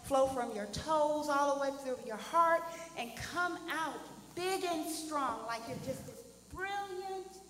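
A woman guiding a group through an affirmation, soothing at first, then calling out loudly. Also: high-pitched, expressive, slow, few pauses, a little hiss or hum. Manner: soothing guidance that swells to loud calls. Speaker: guest speaker leading an affirmation. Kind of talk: guided affirmation in a sermon. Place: church or hall. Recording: roomy hall with long reverb, faint ambience.

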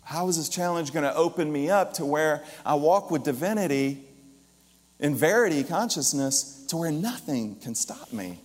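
A minister preaching a lively sermon, his loudness rising and falling, with joking asides. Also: a little high, moderate pace. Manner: lively, jokey preacher with shifting volume. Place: church or hall. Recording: long reverb of a large hall.

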